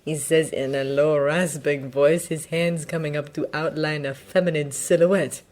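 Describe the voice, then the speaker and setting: A woman narrating a fanfiction audiobook with an expressive, lively reading. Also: sits low, unhurried. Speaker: fanfiction reader.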